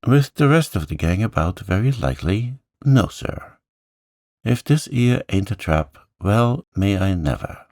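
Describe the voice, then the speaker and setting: A man voicing a stubborn working-class manservant with rough country speech in a storybook. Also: fairly low pitch, sing-song, unhurried, a little mellow, no room sound, studio quality, exaggerated voice. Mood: grumbling. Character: gruff stubborn male servant, working class.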